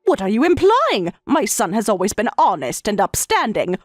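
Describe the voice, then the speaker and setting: A woman's voice: medium pitch, big pitch swings, normal speed, slightly rough, no room sound, studio quality. A synthetic woman's voice reading a domineering older mother-in-law who lectures and scolds. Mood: scolding. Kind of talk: text-to-speech story reading.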